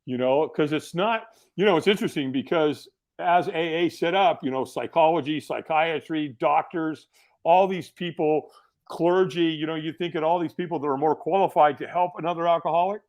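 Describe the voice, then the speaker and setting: A middle-aged man telling stories as a podcast guest, in a casual, animated way full of fillers and restarts. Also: on the high side, moderate pace. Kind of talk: casual storytelling.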